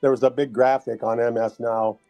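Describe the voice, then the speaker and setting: A man's voice: medium pitch, little pitch movement, a little fast, mellow, dry recording, soft background music, low-quality recording. Chatty man asking earnest questions. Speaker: guest. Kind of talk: casual chat.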